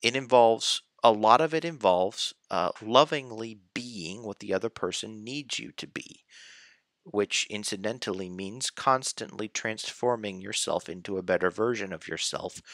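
A man slowly thinking aloud in a casual philosophy discussion, hesitant, with restarts. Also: on the low side, lively intonation, a bit bright, no room sound, clean studio sound. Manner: slow, hesitant, with restarts and sighs.

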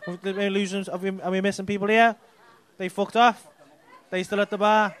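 Bright-voiced male comic teasing the crowd from a club stage, high and cheeky, faint audience behind him. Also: flat delivery, moderate pace. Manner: cheeky, teasing, swears a lot. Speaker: stand-up comedian. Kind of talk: crowd work banter.

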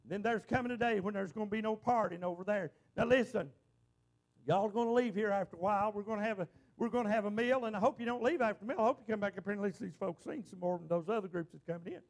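High, gravelly preacher. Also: male voice, fast talker. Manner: folksy, exclamatory, repeats himself. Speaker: pastor. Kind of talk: preaching a sermon. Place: church sanctuary.

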